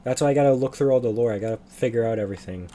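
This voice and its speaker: A man's voice: medium pitch, very fast, mellow, slight background noise. A young man chatting on a livestream, rambling and losing his train of thought. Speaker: streamer. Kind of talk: casual livestream chat.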